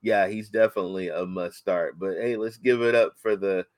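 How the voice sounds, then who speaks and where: A man co-hosting a casual sports chat, talking excitably with many halting restarts. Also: low voice, no echo. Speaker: podcast co-host.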